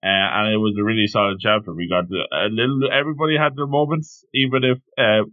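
A man co-hosting a podcast, chiming in with quick wisecracks in casual manga talk. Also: lowish voice, no room sound. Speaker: podcast co-host. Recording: dull, muffled lo-fi mic.

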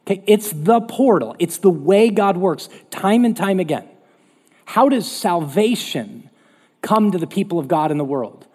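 A male pastor preaching a sermon in an animated, conversational way in a church hall. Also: sits high, unhurried, husky. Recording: long hall reverb.

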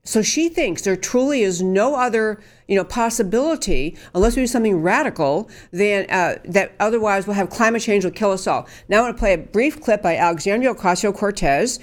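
A woman's voice: mid-range voice, expressive, a little fast, hardly any pauses. A woman hosting a political talk show, giving an emphatic commentary monologue with frequent fillers and restarts.

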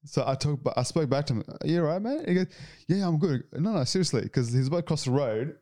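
A man's voice: fairly high pitch, lively intonation, fast, warm tone, dry recording, studio quality. A man, a podcast host who talks casually and hesitantly, often restarting sentences as he tells stories. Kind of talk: casual interview chat.

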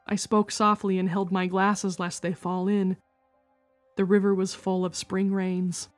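Woman reading a spooky story podcast, calm and even, soft music under. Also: medium pitch, moderate pace. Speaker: podcast narrator. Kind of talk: scripted storytelling narration.

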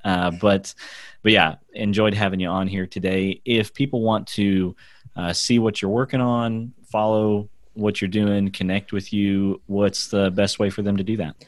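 A man co-hosting a podcast, wrapping up the interview in a friendly way with many fillers and pauses. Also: lowish voice, level tone, dry recording. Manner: friendly, with frequent filler words. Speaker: podcast co-host. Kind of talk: casual podcast sign-off.

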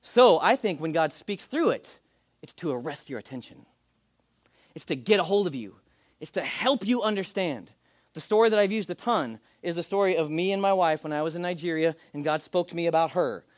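A male pastor in his thirties giving a conversational sermon, slipping into quick acted quotes. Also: fairly high pitch, lively intonation, no room sound, clean studio sound.

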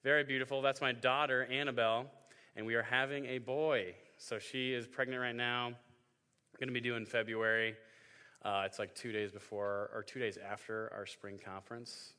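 A man's voice: medium pitch, little pitch movement, moderate pace, bright, forceful tone, clean tone. A young man in his twenties giving a joking sermon to a youth group, telling stories and acting out voices. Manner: joking storytelling, acts out voices. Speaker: youth pastor. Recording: hall reverb.

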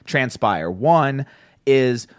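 A man's voice: medium pitch, extremely slow, clear, resonant tone, dry recording, studio quality. A man hosting a podcast in casual chat, telling stories with lots of laughs and swearing. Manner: animated storyteller, swears freely, laughs often. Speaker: podcast host.

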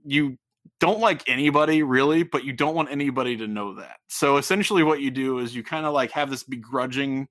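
A man's voice: mid-range voice, fairly quick, a bit bright, dry recording, clean studio sound. A man from Ohio co-hosting a casual sports podcast. He rambles, repeats and corrects himself, and chuckles often. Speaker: podcast co-host.

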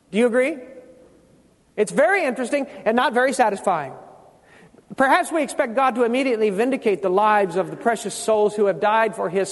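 A man preaching a sermon, quizzing his congregation with questions and repeating key words slowly for emphasis. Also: very high voice, in a large hall.

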